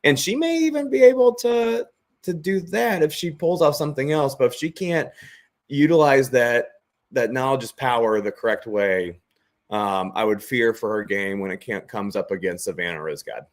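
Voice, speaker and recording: A man's voice: medium pitch, moderate pace. A man hosting a casual show, steering the talk and teasing his co-hosts. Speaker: host. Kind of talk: casual podcast chat.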